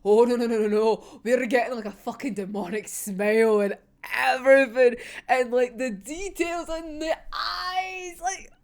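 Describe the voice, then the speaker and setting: A woman's voice: on the high side, moderate pace, darkish tone. A young woman chatting through a manga chapter in a gushing, giggly, sweary way, as a casual fan reviewer.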